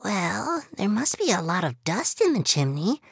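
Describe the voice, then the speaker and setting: A woman voicing a small excitable female mouse in a high, wondering voice. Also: a little slow, creaky, slightly rough, no room sound, exaggerated voice. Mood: amazed.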